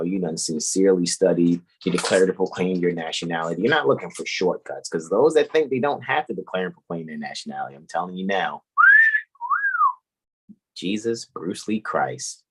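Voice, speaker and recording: Male livestream host, deep and husky, animated and preachy. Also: normal speed. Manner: preachy and animated, greets chat members. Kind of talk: casual livestream chat.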